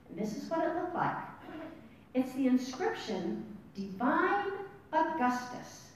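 A woman teaching a Bible study class, animated and asking her listeners questions. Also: a little slow. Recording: distant mic in an echoey room with rumble.

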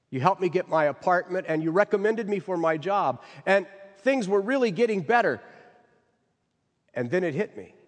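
A man voicing a distressed young mother who speaks in a halting, quivering voice while telling of her guilt. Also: low-pitched, a little mellow, long reverb tail, heavily acted.

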